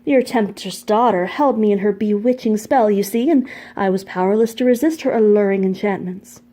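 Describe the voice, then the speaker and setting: A woman voicing a pretty, smooth-talking young dandy man who speaks in a crooning, flowery, theatrical way. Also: medium pitch, normal speed, warm tone, close to an everyday voice.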